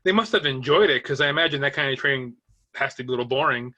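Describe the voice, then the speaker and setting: A man hosting a podcast in a relaxed way, asking follow-up questions and swearing casually as he talks. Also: mid-range voice, fast, muffled recording. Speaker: podcast host. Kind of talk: casual chat.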